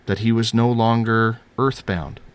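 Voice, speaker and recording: A man's voice: mid-range voice, steady tone, measured pace, clear, resonant tone. A man telling a personal paranormal story in a rambling, earnest way, repeating himself and using casual slang.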